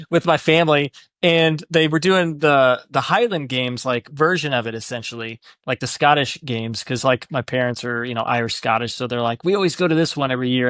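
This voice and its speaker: A man hosts a casual podcast conversation, his voice at an ordinary middle pitch. He tells stories with energy and slips into the voices he quotes. The sound is close and dry, with no room around it. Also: normal speed, smooth, no room sound. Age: adult, divorced four years ago. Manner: animated storyteller, acts out quoted voices. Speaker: podcast host.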